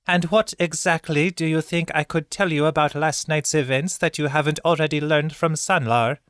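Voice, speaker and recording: A man's voice: a little high, fairly even intonation, moderate pace, a bit bright, clean tone, no echo, studio quality, pitched above the performer's own voice, natural voice. A man voicing a proud female bird-folk advisor who speaks tersely and with scorn in an audiobook. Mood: scornful.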